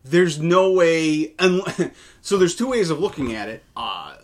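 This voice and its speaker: On a laid-back wrestling news podcast, this male co-host talks at a measured pace with a fairly high voice that swings widely in pitch. He hesitates a lot, full of fillers and restarts.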